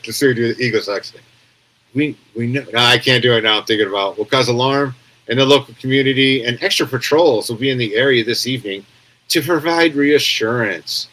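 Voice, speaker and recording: A man's voice: mid-range voice, sharp tone, poor audio. Rambling sarcastic American man commentating live. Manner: rambling, sarcastic, reads chat comments aloud. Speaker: live stream news commentator. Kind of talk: casual live-stream commentary.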